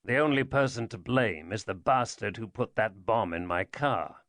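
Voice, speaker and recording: A man voicing an older general who is gruff, impatient and weary. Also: lowish voice, animated, moderate pace, fairly bright tone, dry recording. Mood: grave, soft.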